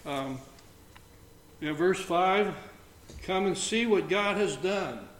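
Slow-talking man leading a Bible study. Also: high voice. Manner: reads scripture aloud between halting comments. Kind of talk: informal Bible study reflection. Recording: roomy echo, faint background noise.

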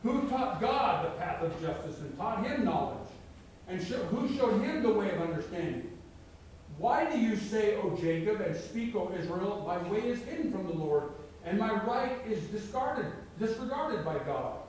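High-voiced preacher in an echoing hall. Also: male voice, lively intonation, moderate pace, darkish tone, a little hiss or hum. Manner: reads scripture aloud with emphatic rises. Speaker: pastor. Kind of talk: sermon. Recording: very echoey hall, mic far off.

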